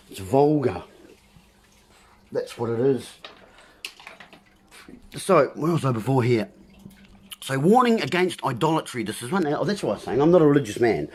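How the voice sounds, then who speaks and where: New man, livestream host, husky and highish, very up-and-down delivery, punning ramble. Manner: meandering, punning wordplay, addresses listeners as folks.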